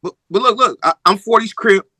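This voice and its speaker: Bright-voiced man asking probing questions. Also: sits high, a little fast, dry recording. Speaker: podcast host. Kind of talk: casual interview questions.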